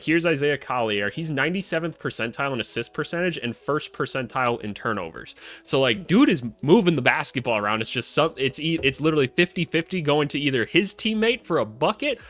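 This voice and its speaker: A young adult man talking through basketball in a casual vlog. He is blunt and sarcastic and throws in swearing, with a voice of ordinary pitch. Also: sharp tone. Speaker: basketball analyst, channel host.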